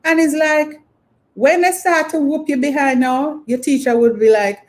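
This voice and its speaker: A woman's voice: high voice, steady tone, moderate pace, darkish tone. A middle-aged Jamaican woman hosting her channel, telling rambling stories about her school days with lots of "you know". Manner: rambling, filler-heavy storytelling. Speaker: channel host. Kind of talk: casual reminiscing monologue.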